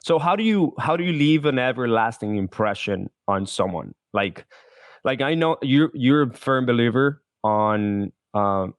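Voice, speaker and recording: A man's voice: medium pitch, animated, a little slow, no echo. A man hosting a podcast, asking questions in a searching way and rephrasing as he goes. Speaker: podcast host. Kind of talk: casual podcast interview.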